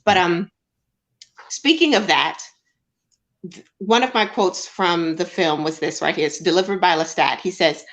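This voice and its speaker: Chatty woman, low voice. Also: a bit bright. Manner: chatty, enthusiastic, quick bursts of speech. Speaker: film review co-host. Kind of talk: casual film discussion.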